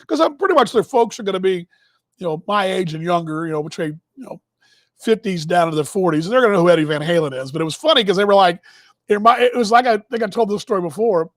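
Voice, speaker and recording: Rambling high-voiced man spinning stories. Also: animated, quick pace, dry recording. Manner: rambling, self-interrupting, chuckling asides. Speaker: broadcast host. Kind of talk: casual storytelling monologue.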